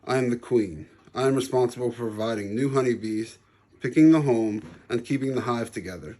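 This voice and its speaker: A man's voice: medium pitch, brisk, warm tone, lightly acted. Casting: kindly, instructive queen honeybee for a storybook read-aloud, read by a man. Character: friendly female queen honeybee, patient teacher.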